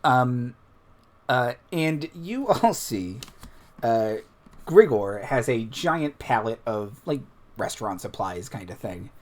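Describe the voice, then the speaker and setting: Casting: male game master with a lively, animated voice, halting narration. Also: medium pitch. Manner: hesitant, many fillers and laughs.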